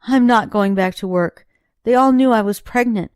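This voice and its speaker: A woman's voice: a little high, moderate pace, smooth, no room sound, clean studio sound, lightly acted. A woman voicing a grief-stricken young wife of twenty-six in an audiobook, her voice raised and strained. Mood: tearful. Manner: raised, strained voice rising to shouts. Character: grieving young woman, 26, tearful and enraged.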